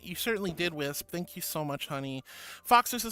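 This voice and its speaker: A man's voice: sits high, expressive, a little fast, fairly bright tone. A man streaming as a virtual character, reading out viewer messages in an affectionate, playful way and calling people honey and sweetie. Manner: playful, makes silly noises. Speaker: VTuber streamer.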